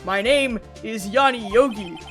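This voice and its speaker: A woman voicing a bitter older man, a former court bailiff, who gives a grim, flat confession in a game read-along. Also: a little high, a little slow, faint music behind.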